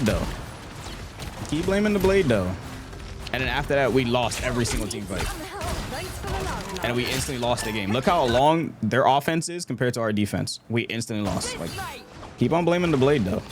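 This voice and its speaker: A young man streaming a game and reviewing matches, ranting sarcastically and repeating himself. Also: mid-range voice.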